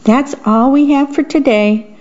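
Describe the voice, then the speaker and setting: A woman volunteer broadcaster reading children's bedtime stories aloud, gently, stopping to describe the pictures. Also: high voice, unhurried. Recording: dull lo-fi radio broadcast.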